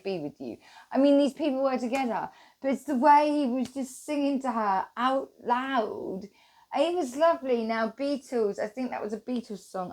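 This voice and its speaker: A woman's voice: mid-range voice, darkish tone. A woman hosting her own channel, talking to viewers in a rambling, wandering monologue and swearing freely. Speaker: channel host.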